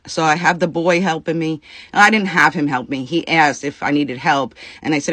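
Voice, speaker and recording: A woman's voice: low voice, unhurried, a bit bright, no echo. A woman venting to her viewers about a personal dispute, upset and near tears, swearing freely and talking in bursts. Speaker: vlogger. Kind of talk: casual venting to camera.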